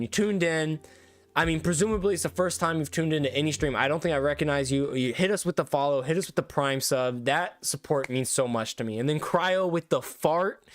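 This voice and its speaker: Effusive young male streamer, raised pitch. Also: a little fast, no room sound. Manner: effusive, thankful, rambling with restarts. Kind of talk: casual livestream sign-off chat. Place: his room at home.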